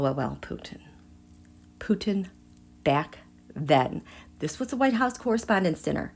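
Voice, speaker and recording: A woman's voice: deep voice, vocal fry. Dramatic, chatty woman reading tarot live. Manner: dramatic, swings from hushed asides to excited outbursts; chatty, addresses viewers directly. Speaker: tarot reader and livestream host.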